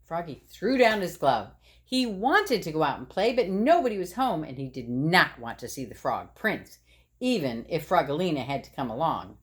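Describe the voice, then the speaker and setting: A woman's voice: low voice, big pitch swings, normal speed. A woman reading a picture book aloud to children, voicing sound effects and asking them questions. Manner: sing-song, asks children questions, voices sound effects.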